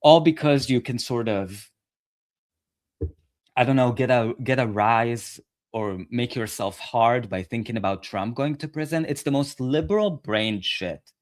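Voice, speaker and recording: A man's voice: mid-range voice, unhurried. Male political commentator ranting on camera, sarcastic and profane.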